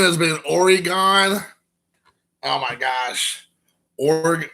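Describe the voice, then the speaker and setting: A man's voice: on the high side, slow pace, creaky, long pauses, sharp tone. A man, hosting a rambling, joking live stream and chatting with viewers. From Kentucky. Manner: rambling, joking, reading chat aloud.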